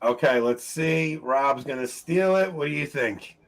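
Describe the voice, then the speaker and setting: A man hosting a casual trivia show, chatty and quick to laugh, calling out names as people answer. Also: a little high. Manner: chatty, laughs often, reads names from chat. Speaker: quiz show host.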